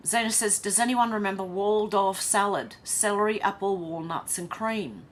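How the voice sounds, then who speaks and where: A woman's voice: medium pitch, moderate pace. An Australian woman hosting a casual livestream, reading viewer comments aloud and chatting with frequent laughs. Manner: chatty, reads chat messages aloud, laughs often. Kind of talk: casual chat.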